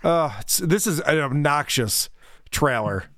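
A man's voice: a little high, expressive, measured pace, a bit bright, no room sound. A man co-hosting a casual comedy podcast, talking in a sarcastic, mocking way and laughing often. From Germany. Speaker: podcast co-host.

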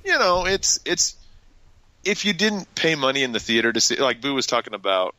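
A man's voice: mid-range voice, big pitch swings, moderate pace, bright, forceful tone, no echo. A man chatting casually as a guest co-host on a podcast, joking and swearing as he rambles.

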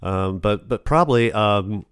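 A man chats about his acting work in a relaxed interview. His voice sits on the low side and sounds close and dry. He rambles, stumbling through restarts and fillers. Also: a little slow, clear, resonant tone, no echo. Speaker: actor, interview guest. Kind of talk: casual conversational interview.

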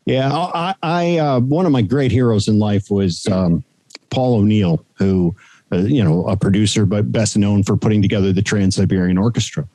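A man's voice: lowish voice, moderate pace, no room sound. A man, a longtime radio broadcaster, telling stories in a casual interview. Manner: storytelling, animated anecdotes.

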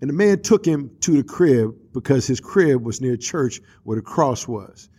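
A man hosting a church radio talk show, telling a story with animated, preacherly energy and street slang. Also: medium pitch, normal speed, husky.

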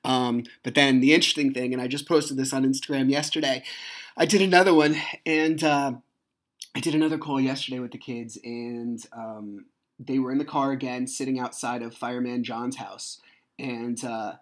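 A man, hosting a podcast and telling a personal story in a casual way, acting out quoted dialogue with sudden loud outbursts. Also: mid-range voice, steady tone, normal speed. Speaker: podcast host.

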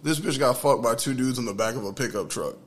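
A young man telling a story in casual podcast chat, animated and laughing as he talks. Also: mid-range voice, fast. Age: young adult.

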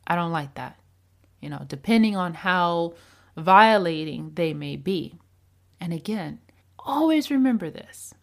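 A young adult woman hosting a podcast, talking casually and giving advice, acting out the lines of a story as she tells it. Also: fairly low pitch. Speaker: podcast host.

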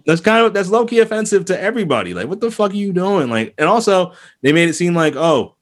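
A man's voice: high-pitched, fast. A man from the area hosting a podcast, ranting in casual chat with lots of restarts and swearing. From Boston area. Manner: animated, heated, many restarts and profanity. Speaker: podcast host.

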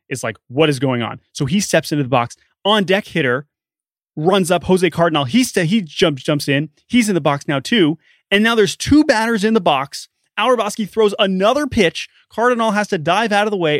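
A man co-hosting a sports podcast, telling a story in an animated, chatty way. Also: a little high, no echo. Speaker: podcast co-host. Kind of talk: casual sports podcast chat.

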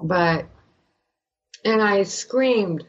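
An older woman from Canada, an actress guest, telling an animated story and acting out the voices of the people in it. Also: medium pitch, extremely slow, highs cut off. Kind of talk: animated anecdote in a podcast interview.

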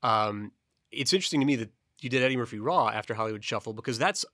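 A man's voice: mid-range voice, lively intonation, fast talker, bright, forceful tone, dry recording, clean studio sound. A man hosting an interview, asking long, rambling questions that he restarts and rephrases as he goes. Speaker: interview host.

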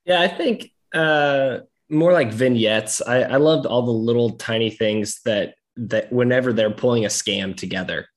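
A man in a casual movie discussion, easygoing and hesitant, pausing on "uh" and "you know". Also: mid-range voice. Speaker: podcast co-host.

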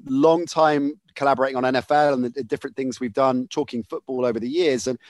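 A man's voice: mid-range voice, steady tone, fast talker, darkish tone, no room sound. A man hosting a casual podcast, chatty and often laughing. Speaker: podcast host.

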